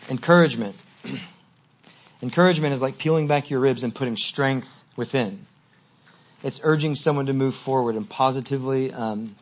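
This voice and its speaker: A middle-aged man preaching a sermon as pastor, earnest and building to slow, emphatic exhortations. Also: medium pitch.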